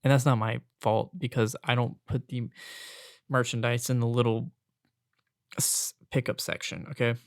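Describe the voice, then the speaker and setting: A man's voice: mid-range voice, flat delivery, moderate pace, creaky, dry recording, studio quality. A young man hosting a podcast solo, venting in an exasperated, casual rant with some swearing. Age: young adult. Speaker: podcast host.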